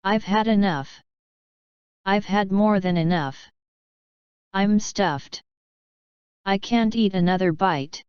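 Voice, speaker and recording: A woman reads short example phrases for an English lesson, one after another. Her voice is very clear and her pace slow and deliberate. The recording is dry and slightly dull. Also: medium pitch, a little mellow, no room sound. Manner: slow, careful, evenly spaced delivery of short phrases. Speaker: English teacher. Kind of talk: reading example phrases aloud.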